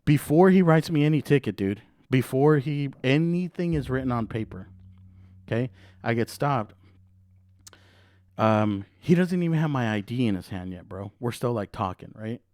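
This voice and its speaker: A man's voice: mid-range voice, lively intonation, moderate pace, a little mellow, no echo. A young man hosting a podcast, telling a story in a loose, profane way, full of "dude" and "bro". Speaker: podcast host. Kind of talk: casual podcast chat.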